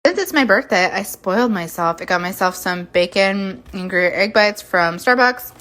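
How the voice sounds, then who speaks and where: A woman's voice: mid-range voice, expressive, moderate pace, fairly bright tone. A woman vlogger chatting casually to her viewers, rambling with lots of fillers and laughs. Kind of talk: casual chat.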